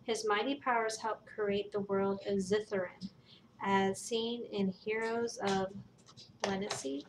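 Heavy background noise surrounds this woman's medium-pitched, steady voice as she unboxes toys at a measured pace. As co-host of a family toy review channel, she chats casually, rambling and thinking out loud.

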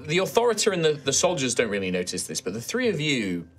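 A British man narrating a tabletop game as game master, relaxed and rambling with many fillers. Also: mid-range voice, fast.

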